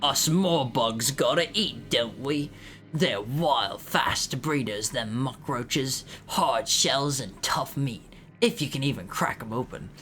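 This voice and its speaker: A man voicing a grubby male bug villager in a game, in a put-on British accent with rough dialect and dropped words. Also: medium pitch, animated, slow, fairly bright tone, soft background music. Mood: gruff grumbling. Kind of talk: game voiceover on stream.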